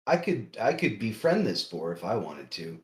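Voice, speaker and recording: Lively, low-voiced young man at a tabletop game. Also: normal speed. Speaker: player. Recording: echoey room.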